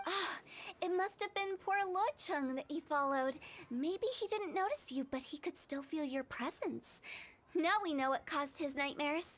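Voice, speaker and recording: Actress as a cocky young undertaker; very high, teasing. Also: female voice, normal speed, a little hiss or hum, close to an everyday voice. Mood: playful. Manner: teasing and self-assured. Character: cheeky young female funeral director, playful and bossy. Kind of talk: video game dialogue. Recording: game audio with faint music.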